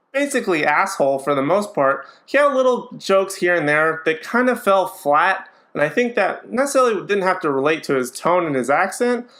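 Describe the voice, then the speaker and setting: A man talks through a movie review in a loose, casual way, and his voice sits on the higher side. He sounds opinionated but hedges often, with frequent ums and restarts as he works through his thoughts. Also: fairly bright tone.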